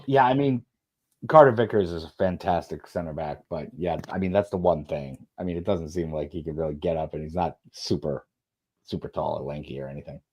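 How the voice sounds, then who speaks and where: A man co-hosting a casual podcast chat during a football match, rambling, swearing and trailing off softly. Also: very deep voice, brisk, slightly rough. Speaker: podcast co-host.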